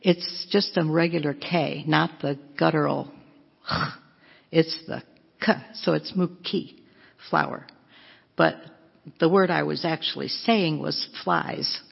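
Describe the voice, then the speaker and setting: A woman's voice: deep voice, fairly even intonation, measured pace, creaky, breathy edge. A woman giving a chatty, self-mocking storytelling talk as a missionary speaker, laughing often. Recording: dull lo-fi with long hall echo.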